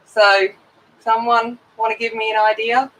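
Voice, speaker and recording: A woman's voice: on the high side, little pitch movement, measured pace, fairly bright tone, low-quality recording. A middle-aged woman hosting a coloring live stream, chatting casually and rambling as she greets viewers by name.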